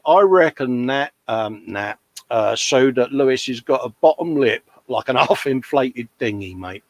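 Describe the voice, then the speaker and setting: A man's voice: medium pitch, animated, measured pace, dry recording. A man hosting a casual live show, reading out viewer comments with jokey banter and calling everyone mate.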